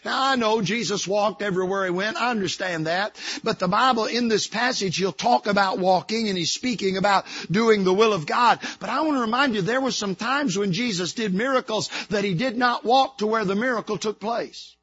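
A man preaching a sermon from a church pulpit. He swings between shouting and hushed, soft passages. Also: high-pitched, brisk, hardly any pauses, breathy edge, highs cut off. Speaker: pastor.

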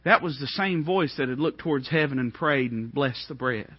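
A man preaching a sermon, swinging from hushed, low lines to ringing, high outbursts. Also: moderate pace, husky, dry recording, highs cut off.

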